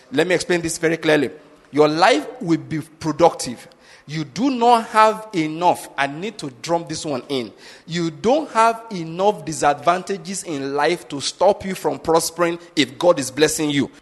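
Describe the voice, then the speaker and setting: A man's voice: a little high, expressive, normal speed, big-room sound. A man preaching a sermon as pastor, emphatic and repeatedly checking that listeners follow his point.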